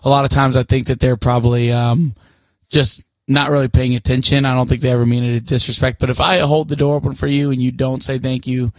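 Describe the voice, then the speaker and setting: A man's voice: medium pitch, little pitch movement, fast talker, no echo. Blunt, swearing podcast co-host, a man. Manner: blunt, profane ranting. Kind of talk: casual chat.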